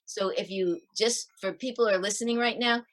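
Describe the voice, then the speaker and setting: A middle-aged woman on a video call, giving parenting advice in a lively interview and acting out her tips with sighs. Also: medium pitch, fairly quick. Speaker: parenting author guest. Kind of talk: animated interview talk.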